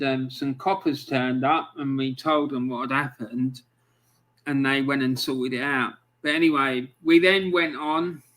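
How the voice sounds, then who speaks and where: A man's voice: mid-range voice, sharp tone. A middle-aged man hosting a podcast, telling a story casually and rambling with many ums. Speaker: podcast host. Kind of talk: casual storytelling to a live stream.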